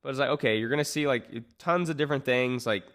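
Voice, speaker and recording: Brief: male marketing coach, mid-pitch, casual and emphatic, lots of fillers. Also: fast, a crowd in the background. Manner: energetic, emphatic, many "like" fillers. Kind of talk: casual talking-head advice.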